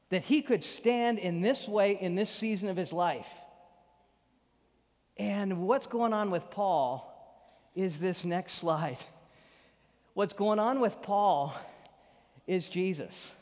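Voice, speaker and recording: A man's voice: high voice, expressive, slow, long pauses, a little mellow. A male pastor preaching a sermon on a Sunday morning, emphatic and rhythmic, building through repeated phrases. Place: church sanctuary. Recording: long hall reverb.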